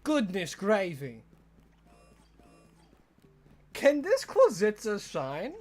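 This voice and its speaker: An Australian game streamer chatting playfully and rambling on a live stream, breaking into excited yelling. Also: medium pitch, a little slow, faint music behind. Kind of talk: live gameplay stream chat.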